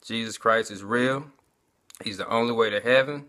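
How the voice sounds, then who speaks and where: Guy telling his faith testimony, chatty, bright voice, keeps saying y'all. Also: medium pitch, moderate pace. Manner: conversational, keeps addressing listeners as y'all. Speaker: vlogger giving a testimony. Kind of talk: casual personal testimony.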